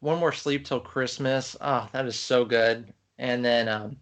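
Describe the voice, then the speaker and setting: A man co-hosting a podcast in casual, animated chat, talking with enthusiasm. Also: mid-range voice, measured pace. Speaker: podcast co-host. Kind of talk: casual chat about films.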